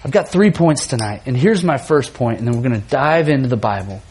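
A man in his thirties, a youth pastor telling a funny family story in a sermon, animated and often laughing. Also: medium pitch, a little fast, a little hiss or hum.

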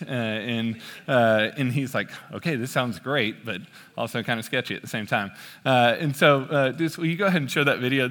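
Male pastor, thirties, sermon, bright forceful tone, joking storyteller, long hall reverb. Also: medium pitch. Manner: relaxed, joking storyteller with frequent "uh" fillers.

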